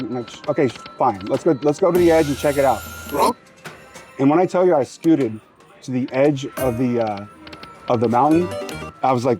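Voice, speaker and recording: A man's voice: mid-range voice, quick pace, mellow, faint music behind. A man hosting a slots channel, telling a long story casually while he plays. He rambles, cuts himself off and urges the machine on between sentences. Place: casino floor.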